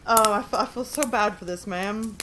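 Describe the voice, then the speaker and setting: A woman's voice: medium pitch, moderate pace, pushed and bright, a little hiss or hum. Chatty, giggly woman hosting a livestream. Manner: chatty, giggly, talks to chat. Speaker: livestream host. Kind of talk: casual livestream chat, reading horror stories.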